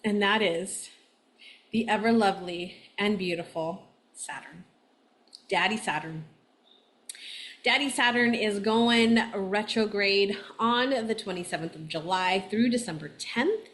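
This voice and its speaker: A woman's voice: mid-range voice, a little slow, a bit bright. A woman giving a casual astrology forecast in a chatty way, often tagging "right?" and laughing, tired and a little nauseous. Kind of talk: casual monthly forecast talk.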